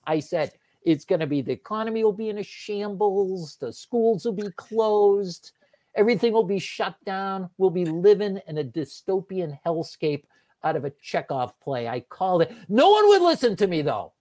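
A man's voice: sits high, normal speed, mellow. Man with dry, self-mocking humor. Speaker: sports writer guest. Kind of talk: casual chat.

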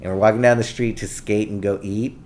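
A man guest on a podcast, telling laid-back, animated anecdotes in a casual conversation. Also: fairly low pitch, a little fast, a little hiss or hum. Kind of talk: casual storytelling.

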